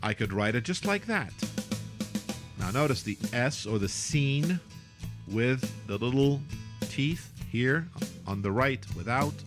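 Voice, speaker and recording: Playful man teaching, very lively pitch. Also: takes it slowly, over music. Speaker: Arabic calligraphy teacher. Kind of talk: relaxed teaching with asides.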